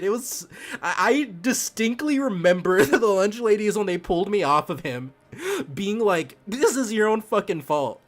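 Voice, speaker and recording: A man's voice: high-pitched, animated, moderate pace. Rambling young man telling a story. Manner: rambling, profane, laughs through the story. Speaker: streamer. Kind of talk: casual storytelling while gaming.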